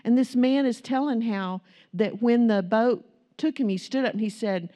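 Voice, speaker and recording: Woman preacher, mellow and slightly high, storyteller who builds to passionate delivery. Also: moderate pace. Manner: impassioned storytelling, rising to emphatic preaching. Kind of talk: sermon.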